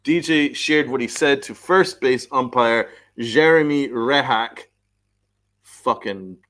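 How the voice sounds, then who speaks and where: A man hosts a live sports podcast and vents his anger, swearing freely and reacting to messages from viewers. His voice sits in an ordinary middle pitch as he rants. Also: a bit bright. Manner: angry, profane, venting; reads chat messages aloud. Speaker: podcast host. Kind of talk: live-stream sports rant.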